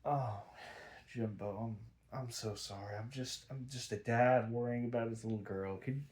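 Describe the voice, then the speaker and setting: Older male colonel, played by a man, low and hushed, faking meekness. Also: fairly even intonation, unhurried, close to an everyday voice. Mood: falsely meek. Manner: low, hushed, falsely meek. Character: fake-apologetic older male army colonel.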